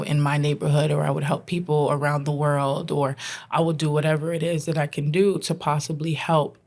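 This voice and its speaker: A woman guest on a podcast, a behavioral consultant, telling a personal story in an animated way and acting out what people said. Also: sits low. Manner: animated, acts out quoted dialogue, laughs often.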